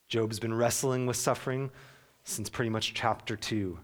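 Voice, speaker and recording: A young adult man preaching a sermon as pastor, earnest, sometimes dropping to a soft hush. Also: fairly low pitch, a little slow.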